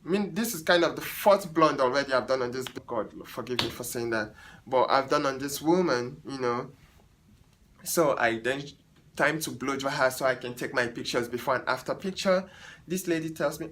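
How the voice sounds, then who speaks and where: An animated, exasperated man telling a salon story straight to his viewers. His voice sits a little high for a man, with a faint hiss under the recording. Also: normal speed, rough recording. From Africa. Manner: animated, exasperated, chatty, talks to viewers as "guys". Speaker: hairstylist and vlogger. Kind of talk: storytelling vlog.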